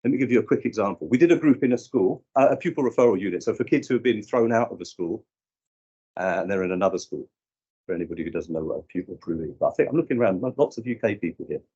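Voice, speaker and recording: A man from the UK leads a conference session as a youth work trainer. He tells stories with animation and acts out the dialogue, and his pitch swings widely. His husky voice comes through a dull, lo-fi recording. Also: animated, fast, warm tone. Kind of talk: conference talk with anecdotes.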